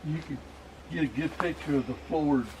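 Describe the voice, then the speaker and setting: A man filming outdoors, making brief, low-key comments from behind the camera. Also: moderate pace. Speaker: camera operator. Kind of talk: casual remarks behind camera. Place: outdoors at an abandoned house. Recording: distant voice with loud outdoor noise.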